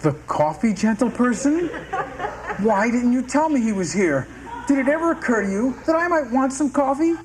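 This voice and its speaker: A man's voice: a little high, huge pitch swings, unhurried, crowd noise, rough recording. A man playing a fussy, indignant office worker in his fifties, asking pedantic, exasperated questions in a comedy script reading. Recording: music playing underneath.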